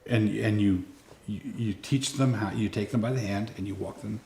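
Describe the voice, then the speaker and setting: Older grandfather, low voice, hesitant. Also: fairly even intonation, normal speed, gravelly, warm tone, a little hiss or hum. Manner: hesitant, many fillers and restarts, explanatory. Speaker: parenting speaker. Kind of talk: casual conversational advice. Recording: roomy echo.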